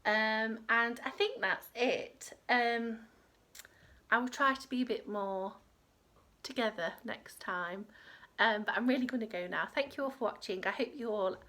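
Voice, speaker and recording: A woman's voice: fairly high pitch, a little slow, bright, forceful tone. A woman hosting a crochet podcast from home, rambling in casual chat with lots of fillers. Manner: rambling, chatty, with many fillers.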